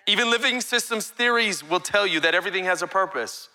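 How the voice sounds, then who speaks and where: A man preaching a live sermon as pastor in a church sanctuary, energetic and calling for amens from the congregation. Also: high-pitched, fast, clear, resonant tone.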